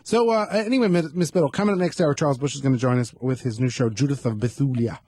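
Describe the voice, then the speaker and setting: A man's voice: medium pitch, fast talker, darkish tone, slightly rough, dry recording. A man hosting a talk radio show, rambling through campy, self-mocking asides in a studio. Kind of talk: casual talk radio chat. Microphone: studio microphone.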